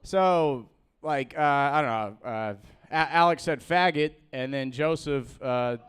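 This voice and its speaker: A young man doing a rambling, halting open-mic stand-up set, full of fillers and restarts, laughing at his own jokes. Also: mid-range voice, a bit bright, smooth. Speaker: stand-up comedian.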